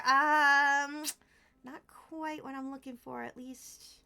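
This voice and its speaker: High, slow, gushing woman streamer. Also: fairly even intonation, creaky, sharp tone, a little hiss or hum. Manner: gushing and giggly, talks to viewers. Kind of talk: casual crafting livestream chat.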